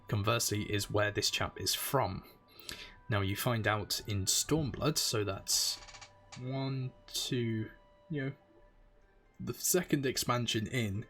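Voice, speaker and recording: Low-voiced guy rambling casually while streaming a game. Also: a bit bright. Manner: chatty, rambling, explains as he plays. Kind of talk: casual gameplay commentary.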